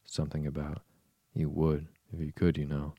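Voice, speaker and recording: A man's voice: extremely low pitch, completely flat delivery, moderate pace, husky, no echo, lo-fi sound, full character voice. A man voicing a tiny, timid talking insect in a storybook reading, with a small, pleading manner. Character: tiny sad insect, a timid little gnat.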